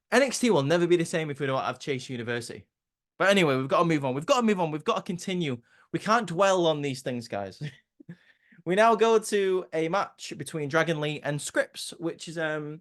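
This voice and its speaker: A man's voice: a little high, expressive, a little fast, fairly bright tone. A man giving a casual, chatty recap of a wrestling show, often stumbling and repeating words.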